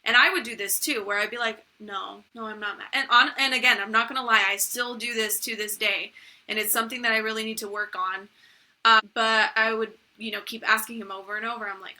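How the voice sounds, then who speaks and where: Bright chatty young woman cohost, kinda high voice, acts out quotes. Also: steady tone, fairly quick. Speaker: podcast co-host. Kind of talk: casual chat.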